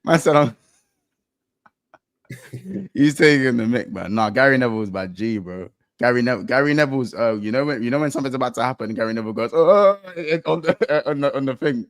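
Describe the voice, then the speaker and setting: A young London man hosts a football chat in quick, slangy banter, tripping over his own restarts. His voice sits mid-pitch and the sound is close and dry, with little room around it. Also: no room sound. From England. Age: young adult. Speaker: football podcast host. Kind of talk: casual chat.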